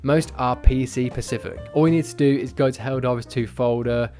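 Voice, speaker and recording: A man's voice: mid-range voice, steady tone, a little fast, warm tone, soft background music. A young man giving chatty gaming news commentary as a YouTuber, with playful jokey asides.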